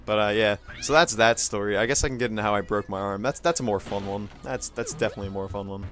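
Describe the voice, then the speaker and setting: A man's voice: fairly low pitch, fast, a bit bright, faint music behind. A young man casually telling a childhood story in a rambling way, full of fillers, restarts and short laughs. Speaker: gaming channel host.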